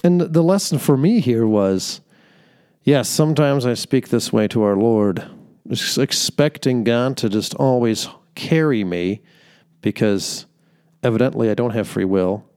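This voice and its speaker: A man's voice: mid-range voice, measured pace, dark tone, clear, resonant tone. A young man hosting a podcast, telling an earnest faith-based story with fillers and laughter. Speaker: podcast host. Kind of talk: faith-based reflective monologue.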